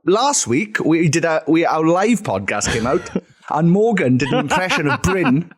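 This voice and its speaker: A man's voice: on the high side, sing-song, a little slow, husky. A man co-hosting a podcast over a video call, swearing freely and laughing through casual banter. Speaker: podcast co-host. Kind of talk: casual chat.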